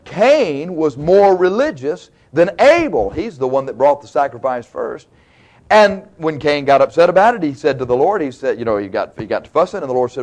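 Folksy preacher, higher-pitched man. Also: sing-song, normal speed, a little mellow. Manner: folksy, colloquial, dramatic retelling. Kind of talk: sermon, storytelling.

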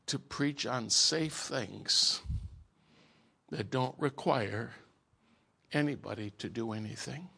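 Bright-voiced man preaching with folksy punch. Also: mid-range voice, gravelly, slightly rough. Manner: emphatic folksy storytelling. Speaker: pastor. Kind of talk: sermon.

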